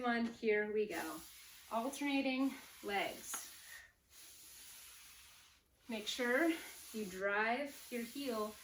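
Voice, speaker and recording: A woman fitness instructor coaching a home workout while exercising, upbeat, counting down reps and cueing form, a little out of breath. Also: fairly high pitch. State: slightly out of breath. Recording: echoey room, distant mic, faint noise.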